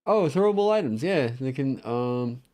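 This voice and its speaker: A man chatting on a livestream in an excitable way, swearing freely and breaking into laughter. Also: mid-range voice, moderate pace. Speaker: streamer designing game content. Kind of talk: casual livestream chat.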